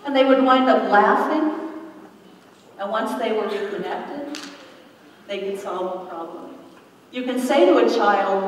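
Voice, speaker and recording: A middle-aged woman leads a parenting workshop in a calm, explaining way. She stands well back from the microphone, and her voice rings through a large, very echoey hall. A faint hum of room noise sits underneath. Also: mid-range voice, unhurried, pauses often. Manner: calm, explanatory, acts out example phrases. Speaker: parenting educator. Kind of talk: workshop talk. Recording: echoey hall, distant mic.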